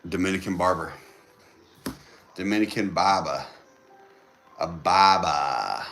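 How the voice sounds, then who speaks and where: A young man hosts a casual livestream from home. He reads viewer comments aloud, banters with them and often repeats his phrases. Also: low voice. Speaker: livestream host. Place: indoors at home with a TV on.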